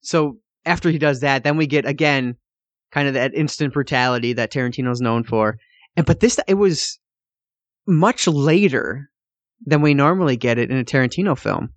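A man co-hosting a film podcast, talking casually and excitedly, laughing and swearing as he reviews a movie. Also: mid-range voice, moderate pace, no room sound. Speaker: podcast co-host.

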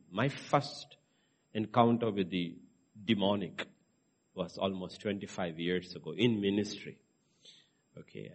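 A man's voice: on the low side, breathy edge. A male pastor preaching a sermon, emphatic and checking in with "okay" as he teaches scripture. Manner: emphatic, rising to stress points, frequent "okay" checks.

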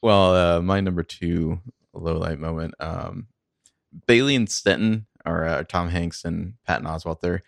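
A man's voice: deep voice, fairly even intonation, measured pace, vocal fry, no room sound. A man co-hosting a casual film review chat with wry, dry humor and repeated words. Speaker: podcast co-host.

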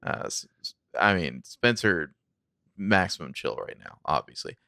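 A man co-hosting a recap podcast in a casual chat, relaxed and wry, with lots of fillers. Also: low voice, a little slow, dry recording, clean studio sound. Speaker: podcast co-host recapping a TV episode. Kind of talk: casual chat, narrating scenes.

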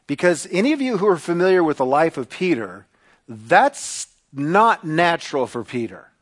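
A man preaching a sermon to a congregation, animated and acting out the voices he quotes. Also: fairly high pitch, normal speed. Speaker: pastor.

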